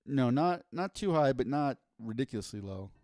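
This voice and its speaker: A man co-hosting a podcast in casual chat, playful and quick to riff on jokes. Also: medium pitch, animated, darkish tone, dry recording. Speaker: podcast co-host.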